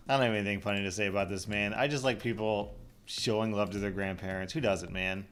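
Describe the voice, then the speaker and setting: A man hosting a comedic reaction show, making quick joking asides about the clips. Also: lowish voice, fairly even intonation, a bit bright, soft background music. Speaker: host reacting to videos.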